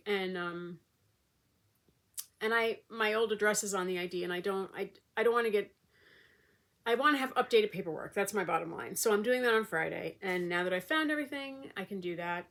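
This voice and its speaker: Chatty woman with a gravelly voice. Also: medium pitch, fairly bright tone. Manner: rambling, chatty, many fillers. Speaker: vlogger. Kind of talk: casual chat.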